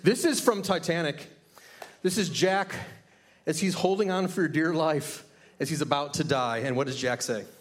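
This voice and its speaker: A pastor with a somewhat high voice speaks on a church stage through a handheld microphone. He is chatty and upbeat, laughing easily as he leads the congregation in a light game. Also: moderate pace. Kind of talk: sermon opening with audience game.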